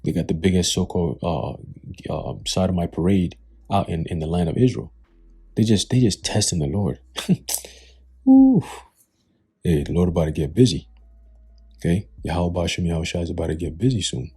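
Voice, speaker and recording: Deep, husky man preaching scornfully. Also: normal speed, pauses often, dark tone. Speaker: religious commentator. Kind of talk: preachy news commentary.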